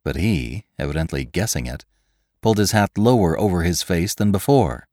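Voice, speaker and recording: A man narrating a classic tale for a podcast in measured, expressive storytelling. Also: low-pitched, no echo, studio quality.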